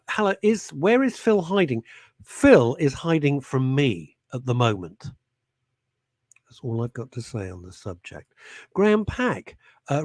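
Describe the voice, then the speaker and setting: A man's voice: on the high side, no echo. A middle-aged man hosting a radio show, rambling and self-mocking with jokey asides. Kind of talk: chatty live radio presenting.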